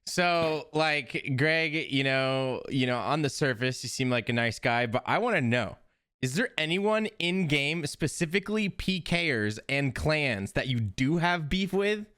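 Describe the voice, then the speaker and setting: A man's voice: a little high, a little slow, fairly bright tone, clear, resonant tone. A man hosting a podcast, asking meandering questions full of fillers. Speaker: podcast host. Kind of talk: casual chat.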